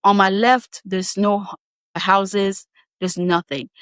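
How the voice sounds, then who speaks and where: A woman tells a personal story in a lively, chatty way, breaking into laughs and quick asides. Her pitch sits in an ordinary middle range. The recording is dry and close, with no room echo. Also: clean tone. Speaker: podcast guest. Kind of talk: casual storytelling.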